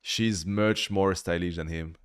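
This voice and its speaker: A man's voice: sits low, fairly even intonation, measured pace, background noise. A man giving blunt, critical reaction commentary in a casual way, swearing freely. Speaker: video reviewer.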